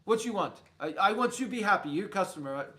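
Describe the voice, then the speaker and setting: A man voicing a gruff older male ice cream shop owner with a put-on Italian accent and loud, broken, insistent phrasing. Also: high-pitched, lively intonation, fast talker. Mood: pushy.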